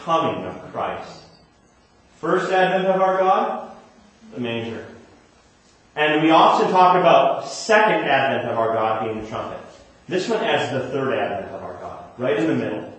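Animated pastor in an echoing church. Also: male voice, medium pitch, a little slow, pauses often. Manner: conversational, asks questions and answers them himself; animated, shifting from emphatic to quiet. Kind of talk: teaching sermon. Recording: echoey church room.

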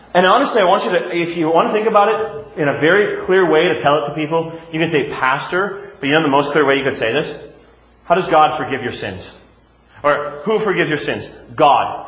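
Animated pastor in an echoing church. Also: male voice, fairly high pitch. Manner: conversational, asks questions and answers them himself; animated, shifting from emphatic to quiet. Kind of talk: teaching sermon. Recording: echoey church room.

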